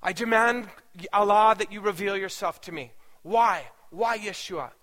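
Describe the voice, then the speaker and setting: A man's voice: high-pitched, measured pace, sharp tone, long reverb tail. A man voicing a young man who pleads with and accuses God, insistent and raw. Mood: demanding.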